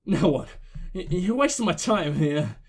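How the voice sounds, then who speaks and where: A man's voice: on the high side, animated, measured pace, breathy edge, exaggerated voice. A man putting on a surly, swearing dealer. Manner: brash, swearing, chuckling. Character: sleazy male drug-dealer fence, surly and defensive.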